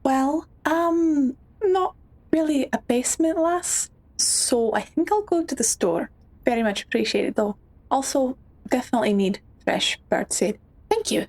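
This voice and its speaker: A woman's voice: high voice, expressive, a little slow, darkish tone, no echo. A woman voicing a polite, prim lady who speaks with hesitant courtesy, in a tabletop role-playing game.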